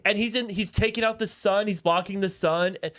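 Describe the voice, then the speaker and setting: A man co-hosting a podcast in casual pop-culture chat, excitable and often restarting his sentences. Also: sits high, brisk. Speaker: podcast co-host.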